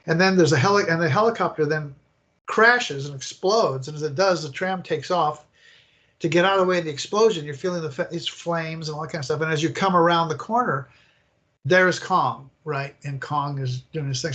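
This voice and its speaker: Older man, lively, a little high voice. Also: fairly quick, highs cut off. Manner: animated, rambling storyteller who acts out scenes. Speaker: guest, attraction designer. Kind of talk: casual interview storytelling.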